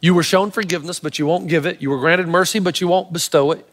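A man's voice: fairly high pitch, fairly even intonation, quick pace, fairly bright tone, pitched below the performer's own voice. A pastor voicing a stern ancient king who scolds an unforgiving servant in an emphatic, repeating way, heard in a long hall reverb. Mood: stern rebuke.

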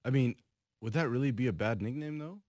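A man co-hosting a sports radio show, playful and quick to laugh in casual banter. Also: medium pitch, dry recording, studio quality. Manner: playful, laughs easily, lively.

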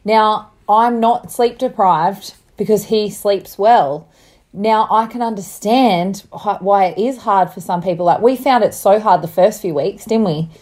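Bubbly young mum, rambling chatty co-host, laughs a lot, slight cough. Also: female voice, medium pitch, unhurried, a little mellow. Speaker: podcast co-host. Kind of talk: casual chat.

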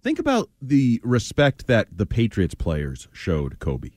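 A man's voice: mid-range voice, wildly swooping pitch, a little slow, a little mellow, dry recording, studio quality. A man co-hosting sports talk radio, blunt and scornful in his opinions.

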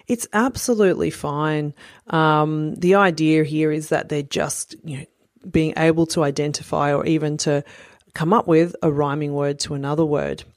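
Woman, thirties, low voice, dry close sound; friendly parent educator with plenty of "you know" fillers. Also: darkish tone, no echo. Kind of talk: instructional talk to parents.

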